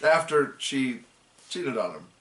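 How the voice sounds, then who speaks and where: Brief: male co-host, mid pitch, deadpan one-liners, roomy sound. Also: slow, far from the mic. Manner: dry short interjections. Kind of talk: casual chat. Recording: roomy echo.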